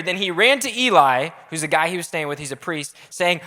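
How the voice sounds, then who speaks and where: A young adult man preaching a casual, energetic youth sermon in a church auditorium, talking directly with the crowd. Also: on the high side, a little fast, few pauses. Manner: energetic, casual, audience-engaging. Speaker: youth pastor. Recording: echoey hall.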